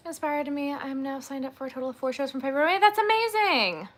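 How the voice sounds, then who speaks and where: A woman's voice: sits high, lively intonation, quick pace. A woman hosting a crochet livestream, chatting casually and rambling, with frequent "like" and "um" and gushing asides.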